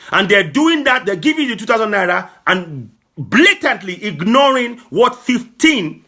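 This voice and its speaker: Man, fervent political broadcaster, high, husky voice, rising to shouts. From Nigeria. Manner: fervent, repetitive, sometimes shouting. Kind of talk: impassioned political address.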